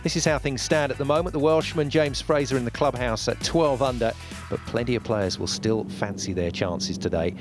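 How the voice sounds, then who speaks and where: A man doing measured, conversational play-by-play as a golf commentator on a broadcast. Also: medium pitch. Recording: music bed under the commentary.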